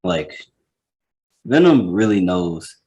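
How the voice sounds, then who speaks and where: A man's voice: sits low, slow, muffled recording. A man co-hosting a casual movie chat, chiming in and laughing. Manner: lively, laughing, chimes in.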